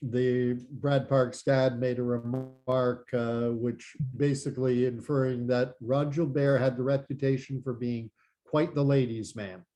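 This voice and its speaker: A man's voice: medium pitch, flat delivery, measured pace, mellow, poor audio. A middle-aged man from New Jersey hosting a casual interview, asking friendly questions with eager follow-ups. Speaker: host.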